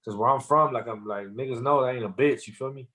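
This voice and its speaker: Talking fast in a pushed, bright, medium-pitched voice, a rapper on a podcast spins a casual story loaded with slang and fillers.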